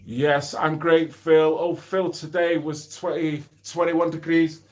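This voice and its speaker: A man's voice: a little high, level tone, slow. A middle-aged man streaming from home, chatting bluntly, swearing freely and reading out viewer comments. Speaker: livestream host. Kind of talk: casual livestream chat.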